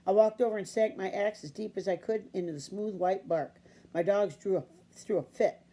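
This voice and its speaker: A woman reading a children's novel aloud in a steady, unhurried storybook narration. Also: mid-range voice. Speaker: audiobook reader.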